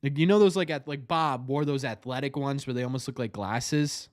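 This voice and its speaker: A man hosting a fan show, commenting live on a game as he watches, nervous and excitable, repeating his cheers. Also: mid-range voice, a little fast, no echo, clean studio sound.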